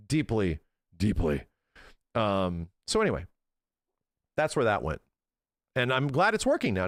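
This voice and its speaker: A man's voice: medium pitch, no echo, clean studio sound. A man in his thirties chatting casually to his stream viewers, ranting in an exasperated way and swearing often.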